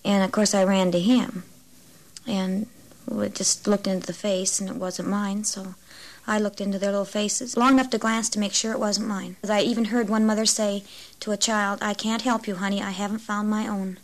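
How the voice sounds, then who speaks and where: A woman, a mother, giving halting, emotional testimony in a radio interview. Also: mid-range voice, little pitch movement. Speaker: mother of an injured boy.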